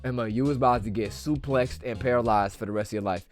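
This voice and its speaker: A man's voice: medium pitch, quick pace, faint music behind. A young man streaming a game, giving crude, slang-heavy, joking commentary.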